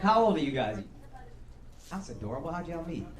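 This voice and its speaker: A man's voice: on the high side, very animated, a little fast, noisy background. A man doing stand-up crowd work, teasing audience members in a brash, profane way. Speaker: stand-up comedian. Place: comedy club stage. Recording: roomy club with loud crowd laughter. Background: audience laughing.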